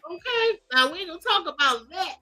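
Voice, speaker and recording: Hosting a gossip show, a woman with a very high, brisk voice reads out celebrity posts and answers them with sassy, animated remarks, fake crying and drawn-out asides. The recording is rough, with faint music in the background.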